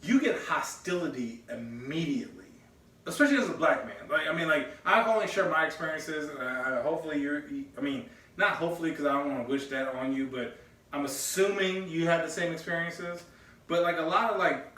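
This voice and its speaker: A man co-hosting a podcast in casual chat, telling a story with lively energy and acting out both sides of a conversation. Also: fairly high pitch, fairly quick. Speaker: podcast co-host. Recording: echoey room, mic at a distance.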